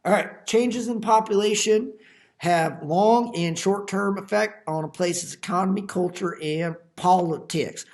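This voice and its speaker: A man who teaches high school, giving a recorded lecture over slides with jokey, folksy asides to his students. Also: unhurried, a little mellow. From Iowa.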